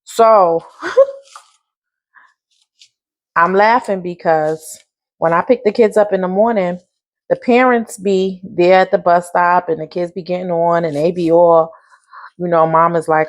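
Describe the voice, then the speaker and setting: A woman's voice: on the low side, measured pace, long pauses. A woman who drives a school bus, chatting casually while she cooks in her home kitchen, a laughing storyteller. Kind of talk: casual cooking vlog.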